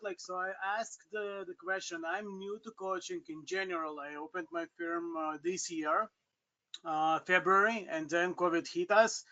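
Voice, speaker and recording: A man's voice: high-pitched, pushed and bright. A man, new to coaching, asking a question on a call in a hesitant way with many fillers. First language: Russian. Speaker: caller, new business coach. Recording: dull lo-fi call audio.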